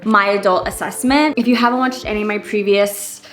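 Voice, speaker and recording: A woman's voice: mid-range voice, steady tone, brisk. Woman, 30s, casual vlog storytelling, candid, chatty, filler words, faint background music. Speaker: vlogger.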